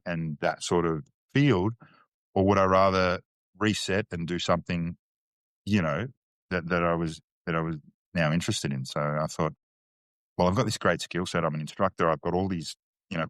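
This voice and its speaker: A man's voice: low-pitched, no room sound. A man with an Australian accent, a podcast guest telling candid, slangy stories with frequent restarts. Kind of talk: casual interview chat.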